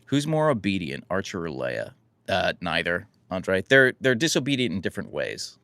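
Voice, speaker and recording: American guy rambling through chat questions at home, low gravelly voice, really dry close sound. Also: moderate pace, no room sound. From United States. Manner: relaxed, rambling, self-deprecating. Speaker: livestream host answering chat. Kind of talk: casual live chat.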